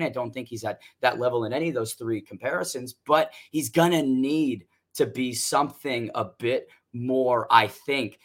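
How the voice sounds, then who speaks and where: A man's voice: medium pitch, fairly bright tone. Guy breaking down fight picks, loose and cocky, cusses a lot, normal mid voice. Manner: loose, confident, swears freely. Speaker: co-host picking fights. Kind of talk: casual sports predictions chat.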